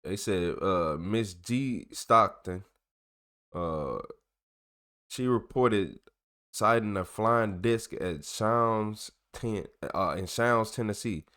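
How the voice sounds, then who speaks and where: A man with a fairly low voice reads old reports aloud as a channel host. He stumbles on the longer words, corrects himself, and slips into loose, slangy joking between passages. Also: slow, a bit bright. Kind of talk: casual commentary while reading documents aloud.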